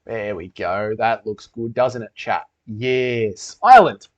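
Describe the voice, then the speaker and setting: Slow and fairly low-pitched, this young livestream host runs a casual Q&A, reading the chat out loud. His banter is crude and thick with swearing, and the stream audio sounds dull and lo-fi.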